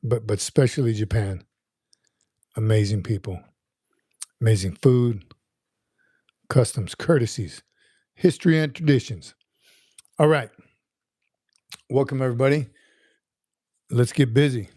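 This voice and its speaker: A man in his fifties chats casually through a livestream, rambling and circling back over his words as he reads comments aloud. His voice has a mellow, relaxed tone, and the sound is dry and close with no room around it. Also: medium pitch, measured pace, pauses often, slightly rough, no room sound. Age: 50s. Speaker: livestream host.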